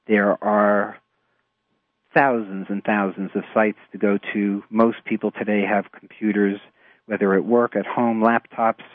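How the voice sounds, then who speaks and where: A man with a New York accent, a therapist explaining his clients' struggles in a measured, halting way with many fillers. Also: fairly low pitch, no echo. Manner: measured, hesitant with frequent fillers. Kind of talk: explanatory radio talk. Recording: tinny phone-like radio audio.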